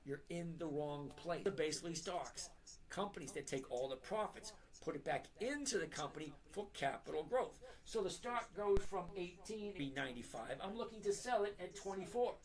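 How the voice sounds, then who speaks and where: A middle-aged man talks straight to his live-stream viewers in a blunt, emphatic way. He repeats key points and slows down on purpose so they sink in, like a lecture mixed with casual chat. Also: a little high, expressive. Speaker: trading live-stream host.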